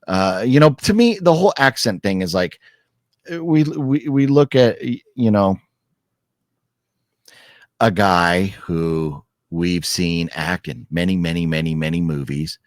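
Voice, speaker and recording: A man co-hosting a casual film review chat, rambling with restarts and sudden lively jumps. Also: sits low, a little slow, no room sound, clean studio sound. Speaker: podcast co-host.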